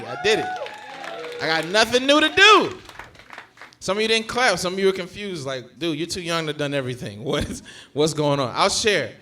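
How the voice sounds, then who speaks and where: A young man does stand-up crowd work in a long comedy club, speaking into a handheld stage mic. His voice sits high for a man and cuts through with a bright, forceful edge. He keeps a loose, profane back-and-forth going with the audience. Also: a little hiss or hum. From Georgia, USA.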